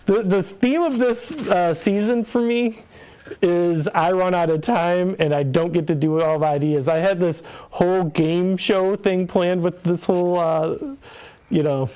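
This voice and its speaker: High-voiced rambling podcast host man. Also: a little slow, dark tone, smooth. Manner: rambling, laughs often, trails off. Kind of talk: casual chat.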